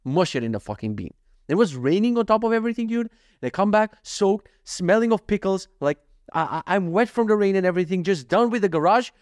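Fast-talking, exasperated, swearing man. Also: high voice, expressive, darkish tone, no room sound, studio quality. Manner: profane, exasperated, says dude a lot. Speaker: podcast host. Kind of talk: casual solo podcast rant.

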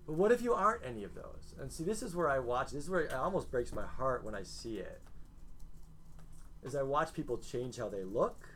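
A man teaching a class, talking to his students in an earnest, animated way. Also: mid-range voice, fairly quick, slight background noise. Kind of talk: classroom lecture.

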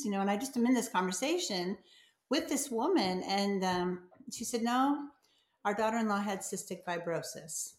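A woman's voice: mid-range voice, expressive, normal speed. Earnest woman telling a story in an echoey room. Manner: earnest, retells conversations with quoted voices. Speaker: novelist guest. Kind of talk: podcast interview storytelling.

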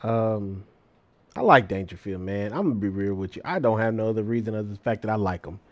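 A man's voice: lowish voice, fast talker, no room sound. A man on a sports chat panel, frank and easygoing about his pick. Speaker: podcast panelist.

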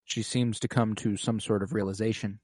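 A man's voice: fairly low pitch, flat delivery, a little fast, a little mellow, dry recording, studio quality. A man in casual podcast chat, recapping an episode with feeling, swearing freely and saying "like" often.

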